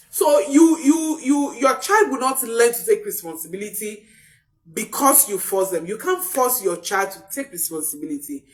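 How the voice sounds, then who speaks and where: A woman coaches parents in an emphatic, animated voice that swings widely in pitch. She drives her points home by repeating them. Her voice sounds a little distant from the mic. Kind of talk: coaching talk to camera.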